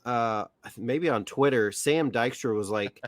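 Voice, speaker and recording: A man's voice: mid-range voice, unhurried, no room sound. A man guest on a podcast, talking in a laid-back way with casual slang. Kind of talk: casual chat.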